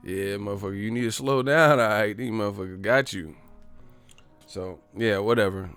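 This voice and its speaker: Gravelly, low-voiced man joking on a live stream. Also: fairly even intonation, fairly quick, a bit bright, no echo, soft background music. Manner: profane, joking, puts on voices for bits. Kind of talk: casual live-stream chat reading super chats.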